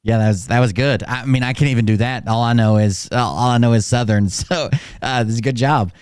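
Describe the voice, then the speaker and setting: A man from the American South hosting a casual interview, laid-back and quick to laugh, with short agreeing replies. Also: medium pitch, darkish tone, clear, resonant tone, no echo, studio quality. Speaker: podcast host.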